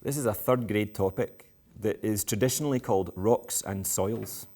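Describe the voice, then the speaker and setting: At a school event before a live audience, a Scottish education speaker talks to parents in a playful, provocative way, often poking fun at himself. His voice is fairly low and warm, and he keeps a moderate pace.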